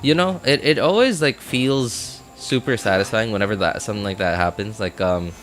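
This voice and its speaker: A game streamer with a fairly low, slightly bright voice speaks at a moderate pace, with a little hiss or hum in the audio. He rambles casually, leaning on fillers and often laughing at himself.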